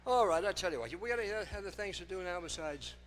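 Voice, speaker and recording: A man's voice: sits high, lively intonation, quick pace, a bit bright, a little hiss or hum. An older man doing breathless, self-mocking stage patter between dance numbers in front of a live audience. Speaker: song-and-dance entertainer.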